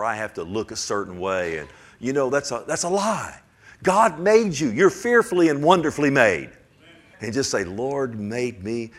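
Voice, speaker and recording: Gravelly older man preaching a sermon. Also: mid-range voice. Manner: folksy, rambling storytelling with frequent "amen?" to the congregation; swings from hushed to loud and emphatic.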